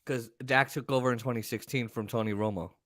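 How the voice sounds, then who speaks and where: A man co-hosting a podcast, telling stories in a casual, profane, animated way. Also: mid-range voice, brisk, no echo, studio quality. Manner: animated, profane, acts out voices. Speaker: podcast co-host. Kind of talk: casual storytelling chat.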